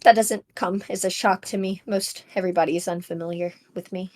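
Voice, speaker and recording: A woman's voice: fairly low pitch, fairly even intonation, brisk, darkish tone. A woman playing in a tabletop game, speaking in character with a hesitant, stammering manner. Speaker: player. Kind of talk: in-character tabletop role-play.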